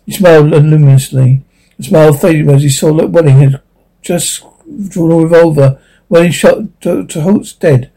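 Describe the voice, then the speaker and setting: Guy reading a story out loud, trips over words, husky mellow voice. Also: a little high, moderate pace, poor audio. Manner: stumbling reading with restarts. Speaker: narrator.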